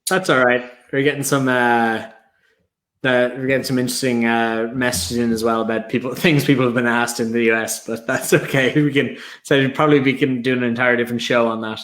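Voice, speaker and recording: A man's voice: medium pitch, little pitch movement, a little fast, fairly bright tone. A man appearing as a guest on a casual live-stream chat, talking in a chatty way full of restarts.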